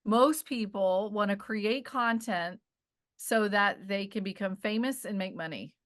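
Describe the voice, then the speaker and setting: Woman guest, bright and forceful voice, chatty and animated in casual talk. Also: mid-range voice, unhurried. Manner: animated, chatty, laughs while explaining. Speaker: cinematographer guest. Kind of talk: casual interview chat.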